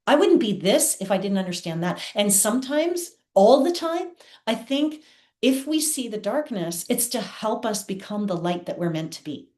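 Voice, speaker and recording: A woman's voice: mid-range voice, big pitch swings, normal speed, a little mellow. A woman guest on an interview show, telling personal stories in an earnest, heartfelt way. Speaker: guest, theatre producer. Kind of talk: candid personal storytelling. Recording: roomy echo.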